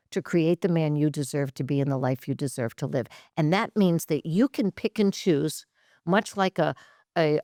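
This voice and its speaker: A woman therapist from Massachusetts, a guest on a podcast, who talks in an animated, laughing way and tells stories with enthusiasm. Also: low-pitched, dry recording, clean studio sound. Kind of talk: casual podcast interview.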